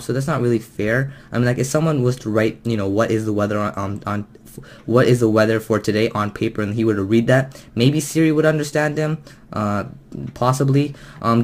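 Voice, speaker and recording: A man talking casually to camera as a vlogger, hesitant and rambling, with many ums and restarts. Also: medium pitch. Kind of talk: casual video commentary.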